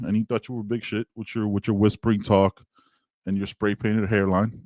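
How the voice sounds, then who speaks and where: A man hosting a casual sports podcast over a video call, animated and playful, trash-talking as he reacts. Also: on the low side, brisk, no echo. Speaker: podcast host.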